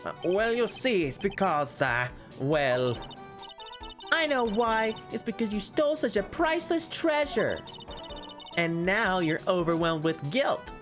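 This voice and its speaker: A woman's voice: medium pitch, animated, unhurried, music in the background, close to an everyday voice. A woman reading a timid, crybaby young man aloud, stammering and hesitant, for a game playthrough. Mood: nervous.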